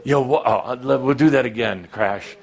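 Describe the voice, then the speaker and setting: A man's voice: medium pitch, moderate pace, gravelly. A man giving a live spiritual talk to a gathering, playful and teasing, with an exaggerated, theatrical delivery. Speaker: spiritual teacher addressing a gathering.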